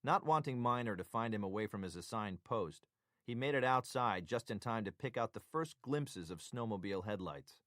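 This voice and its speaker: A man narrating a thriller audiobook in a measured, even way. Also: lowish voice, no room sound, clean studio sound.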